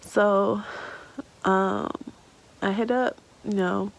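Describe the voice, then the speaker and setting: A woman's voice: medium pitch, fairly even intonation, very slow, creaky, slight background noise, poor audio. A woman in her thirties telling a personal story in a casual vlog, tearful and rambling with many fillers. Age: 30s. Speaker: vlogger.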